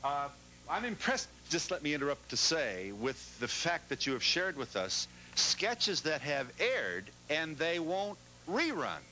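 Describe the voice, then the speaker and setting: A man hosting a studio talk show, talking haltingly with many fillers and interruptions. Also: on the high side, very animated, pushed and bright. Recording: noisy TV studio audio with an audience. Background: studio audience.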